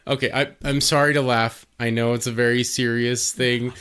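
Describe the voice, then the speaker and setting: Male podcast co-host, mid-pitched, casual, quick to laugh, swears freely. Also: flat delivery, a bit bright, smooth. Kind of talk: casual chat.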